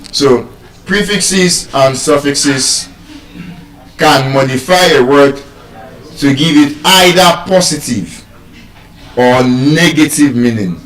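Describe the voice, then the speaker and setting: Nigerian guy teaching word stress, real slow and careful, roomy echo, sounds kinda distant. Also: mid-range voice, a bit bright. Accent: Nigerian English. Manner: slow, deliberate, spells out letters. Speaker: public speaking teacher. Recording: echoey room, speaker off-mic.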